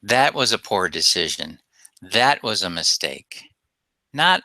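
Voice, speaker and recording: A man's voice: lowish voice, sing-song, slow pace, bright, forceful tone, no room sound. A man presenting a self-help webinar as a coach, talking emphatically and asking rhetorical questions.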